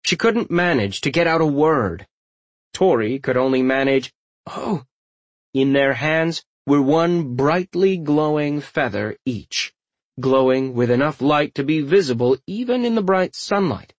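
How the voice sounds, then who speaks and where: A man reading a fantasy novel aloud, his pitch rising and falling freely in an animated telling. The recording is dry and close, with no room sound. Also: measured pace, no echo. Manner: lively, expressive storytelling. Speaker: audiobook narrator. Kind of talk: scripted narration.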